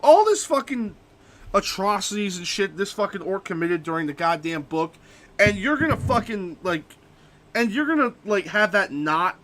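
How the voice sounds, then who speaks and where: High-voiced, lively, profane male streamer. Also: normal speed. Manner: profane, ranting. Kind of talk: casual gaming stream chat.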